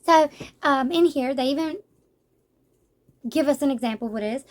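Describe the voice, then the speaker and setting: A woman with a bright, high voice talks through a manga review. She retells the plot loosely, in a rambling, conversational way. Her speech is full of casual fillers and asides. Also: normal speed, long pauses.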